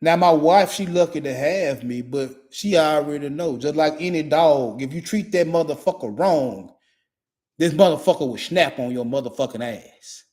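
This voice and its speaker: A man's voice: fairly high pitch, moderate pace, a little mellow. Blunt, profane man in his forties. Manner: blunt, repetitive, emphatic and heavy with profanity. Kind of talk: profane motivational monologue.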